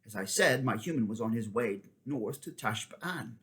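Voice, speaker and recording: A man reading aloud voices a proud male talking war horse, speaking briskly and a little contemptuously in a storybook reading. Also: fairly low pitch, expressive, a bit bright. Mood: scornful. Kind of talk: audiobook character voice.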